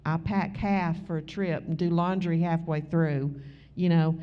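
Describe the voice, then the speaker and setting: A woman with a Southern US accent, preaching a sermon in a folksy, conversational way with drawn-out emphasis. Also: sits low, steady tone. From Southern United States. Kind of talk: sermon with storytelling. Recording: slightly muffled recording.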